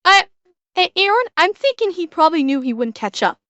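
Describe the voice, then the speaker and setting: A woman streamer chatting casually as she reacts, excitable and swearing freely, often restarting her sentences. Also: very high-pitched, brisk.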